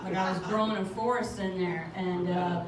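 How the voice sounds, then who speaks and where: A woman's voice: lowish voice, fairly even intonation, normal speed, recorded from a distance, a loud crowd. A woman doing a chatty stand-up comedy set on a club stage, laughing through her jokes. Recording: very echoey club, noisy audience ambience.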